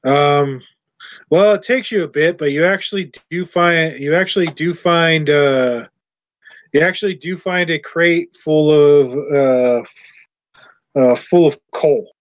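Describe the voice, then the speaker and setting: A man running a tabletop game as game master, narrating scenes and calling for rolls. He halts and searches for words often, with a fairly high voice. The sound is muffled and lo-fi. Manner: halting, searching for words mid-sentence.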